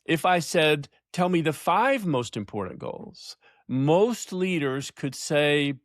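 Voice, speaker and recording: An older man, a leadership coach, telling stories in a podcast interview, emphatic and slowing down to stress points. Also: fairly high pitch, sing-song, no room sound, studio quality. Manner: emphatic storyteller, slows for emphasis, laughs often.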